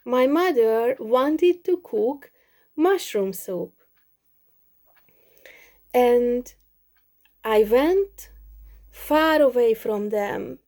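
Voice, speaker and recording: A woman's voice: on the high side, mellow. Woman voicing a sad lost young boy.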